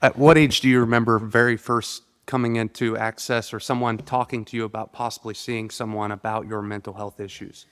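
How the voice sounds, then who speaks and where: Low, flat-voiced male lawmaker in a hall. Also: clear, resonant tone. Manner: halting, with many fillers and restarts. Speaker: state legislator asking questions. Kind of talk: committee hearing questions. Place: legislative hearing room. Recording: long reverb of a hearing room.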